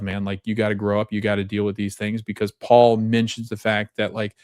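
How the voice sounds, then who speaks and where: A man hosting a podcast, retelling a TV episode in casual chat, animated, with lots of fillers and laughs. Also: on the low side, no echo, clean studio sound. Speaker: podcast host recapping a TV episode.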